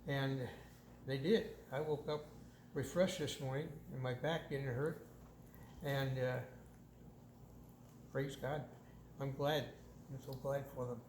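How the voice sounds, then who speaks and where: A man's voice: medium pitch, fairly even intonation, slow, pauses often, darkish tone, echoey room, a little hiss or hum. A man from Indiana gives a plain, grateful personal testimonial at a campsite. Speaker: camp attendee giving testimony.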